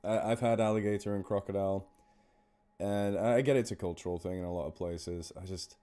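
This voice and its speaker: A man with a fairly low, mellow voice talks casually on a live stream, rambling a little and poking fun at himself. He thanks donors warmly by name between horror readings. Soft music plays faintly behind him. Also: fairly even intonation, brisk, clear, resonant tone. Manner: rambling, self-deprecating, chatty. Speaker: horror story narrator on a charity live stream. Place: indoors at home.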